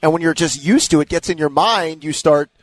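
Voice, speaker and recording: A man's voice: on the high side, brisk, dry recording. Chatty male radio co-host. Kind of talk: casual sports radio chat.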